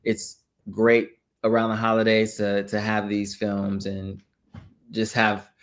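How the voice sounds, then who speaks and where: A man with a lowish voice co-hosts a film podcast. He speaks slowly, pausing on fillers as he gathers his thoughts. His tone stays plain and easygoing. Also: monotone. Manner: hesitant, unhurried, many fillers. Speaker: podcast co-host. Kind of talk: casual chat.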